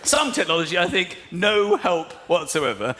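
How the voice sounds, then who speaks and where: An English man performing a stand-up comedy routine, acting out voices and bursting into excited shouts. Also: high-pitched, normal speed, noisy background. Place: comedy stage before a live audience. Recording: live stage audio with loud crowd laughter.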